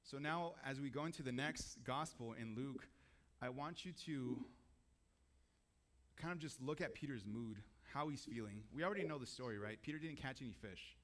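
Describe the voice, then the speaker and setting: Casting: a male preacher with a mid-pitched voice, casual and conversational in a church service. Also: normal speed, a bit bright. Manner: casual, conversational, asks the audience questions. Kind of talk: sermon.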